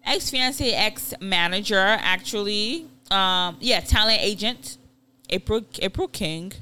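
A woman co-host trading celebrity gossip in a casual chat. She talks emphatically, with lots of knowing asides, and her pitch jumps around in a lively way. Her voice sits in a middle range, with faint ambient noise behind her. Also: slow pace. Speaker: podcast co-host.

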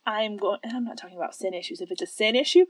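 A woman co-hosting a casual Christian talk show, lively and laughing often as she makes her points. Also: mid-range voice, very fast, no room sound. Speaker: podcast co-host. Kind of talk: casual faith-based chat.

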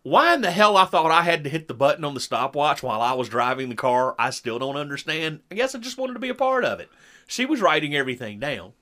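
A middle-aged man telling a long story in casual chat, animated and acting out what people said. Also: on the high side, fast. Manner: animated storyteller who acts out quotes. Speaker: podcast co-host.

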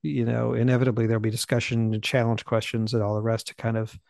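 A man with a gravelly edge to his voice talks fast and eagerly in a relaxed podcast conversation. He cuts off his own sentences in his hurry to reach the next thought. The sound is close and dry, with no room around it. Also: medium pitch, no echo. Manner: fast, eager talker who clips his sentences and restarts. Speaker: Bible study teacher.

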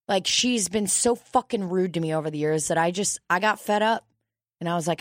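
Brash deep-voiced woman ranting. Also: moderate pace, dry recording, studio quality. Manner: brash, swears constantly, ranting storyteller. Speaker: podcast host. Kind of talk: casual comedic chat.

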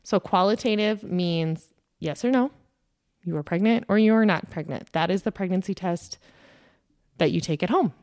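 A woman's voice: on the low side, moderate pace, darkish tone, dry recording, studio quality. A woman in her thirties, a podcast host, telling a personal story in a candid, conversational way with plenty of fillers.

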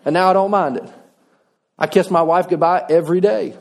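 A man's voice: sits high, fairly even intonation, fairly quick, creaky. A middle-aged man, preaching a sermon in a folksy, conversational way with touches of humor. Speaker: pastor.

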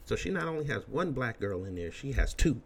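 A man's voice: medium pitch, very animated, a little fast, vocal fry, a little hiss or hum. A man hosting a commentary show, ranting bluntly and emphatically with crude language. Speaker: commentary host.

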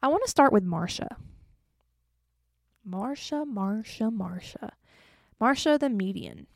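Tired, chatty woman with a gravelly voice. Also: medium pitch, expressive, takes it slowly, no room sound, studio quality. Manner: chatty and self-deprecating, joking asides. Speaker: podcast host. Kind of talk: casual solo podcast chat.

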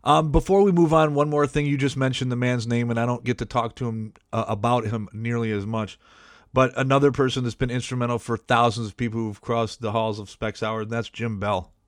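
A man running a casual interview, reminiscing as he asks his guest questions. His voice is recorded close and dry, with no room sound, and sits at a middle pitch. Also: steady tone, fairly quick, no echo.

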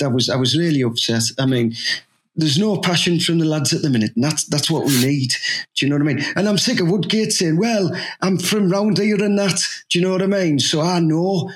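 A man, a guest on a comedy podcast, speaks in a voice set higher than most men's. His talk is blunt and slangy, and he keeps checking in with "you know what I mean". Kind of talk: improvised comic chat.

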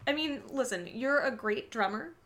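A woman's voice: a little high, expressive, normal speed, fairly bright tone. A woman co-hosting a podcast, joking her way through a casual movie recap. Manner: joking, playful, conversational. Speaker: podcast co-host.

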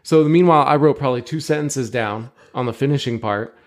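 A man in his thirties, co-hosting a podcast, telling stories in an animated way and swearing freely. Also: medium pitch, a little fast. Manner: animated storyteller, swears a lot, acts out his kids. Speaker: podcast co-host. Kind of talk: casual chat.

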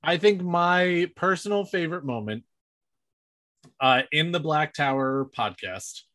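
A man co-hosting a podcast, chatting casually in a playful, drawn-out way. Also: fairly high pitch, a bit bright. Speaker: podcast co-host.

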